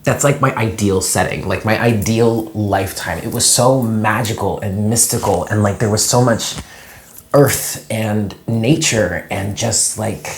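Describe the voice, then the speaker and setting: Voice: mid-range voice, a little slow, a little hiss or hum. A tarot card reader talking through a casual daily reading vlog in a rambling, chatty way, full of fillers and easily moved to emotion. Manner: gets emotional when telling a dream.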